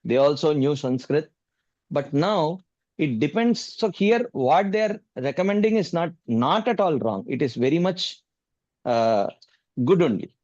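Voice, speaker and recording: A man teaching and answering questions in a scripture class, speaking in a measured way, repeating key points with many "you know" fillers. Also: a little high, expressive, darkish tone, dry recording, highs cut off. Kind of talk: explanatory Q&A teaching.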